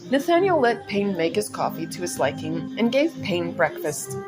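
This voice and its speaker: A woman's voice: lowish voice, sing-song, moderate pace. Woman reading her story over music. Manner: chatty, breaks off into personal asides and laughs at her own stumbles. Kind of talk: casual story reading with asides.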